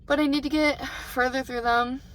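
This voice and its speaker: A woman's voice: high-pitched, fairly even intonation, normal speed, noisy background. A young woman chatting casually about books for her reading vlog, rambling and emotional, recorded in her car. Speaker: book vlogger.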